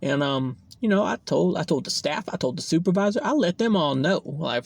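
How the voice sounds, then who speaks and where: A young man with a gravelly, slightly high voice rambles through a story on his podcast. He swears often and keeps trailing off into fillers. The sound is close and dry. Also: expressive, moderate pace, few pauses, no echo. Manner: rambling, profane, lots of fillers and "blah, blah". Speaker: podcast host. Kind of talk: casual storytelling monologue.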